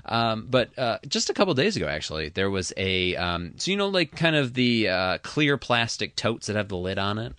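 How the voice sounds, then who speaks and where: Low-voiced guy chatting on a podcast, dry and rambly, close mic no room. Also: very animated, moderate pace, few pauses, fairly bright tone, clean tone, dry recording. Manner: rambling, dry, lots of ums. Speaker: podcast co-host. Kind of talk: casual chat.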